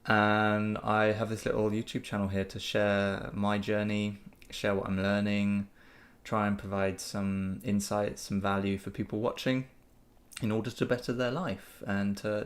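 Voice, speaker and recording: Speaking at normal speed in a lowish, level voice, a channel host answers viewer questions during a casual live Q&A. His manner is relaxed and upbeat, though he rambles, using fillers and restarting sentences.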